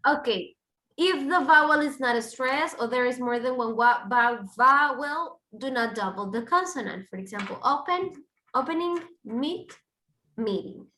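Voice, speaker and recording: Bright-voiced woman teaching English grammar. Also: sits high, expressive, normal speed, reverberant, rough recording. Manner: explains step by step with examples. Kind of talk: online grammar lesson.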